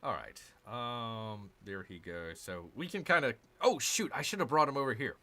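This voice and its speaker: A man's voice: medium pitch, lively intonation, normal speed, sharp tone. A man giving casual gameplay commentary, grumbling and sarcastic as he talks to his viewers. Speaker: gaming channel host.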